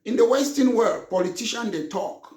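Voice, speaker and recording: A man from Cameroon, a party leader giving a combative political broadcast monologue that rises to shouting. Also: very high voice, lively intonation, moderate pace, echoey room.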